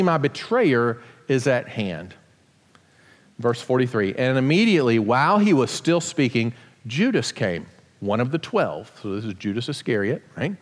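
A man giving a casual sermon as pastor, explaining scripture with joking asides in a church sanctuary. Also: mid-range voice. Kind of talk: conversational sermon. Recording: long hall reverb.

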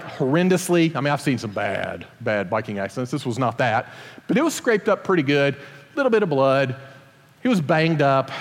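A middle-aged father telling a personal story to an audience in an animated, self-deprecating way. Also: mid-range voice, long reverb tail.

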